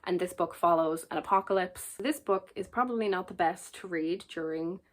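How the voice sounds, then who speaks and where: Chatty woman with a lowish voice. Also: normal speed. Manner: chatty, jokey and enthusiastic. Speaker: book reviewer. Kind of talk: casual chat to camera.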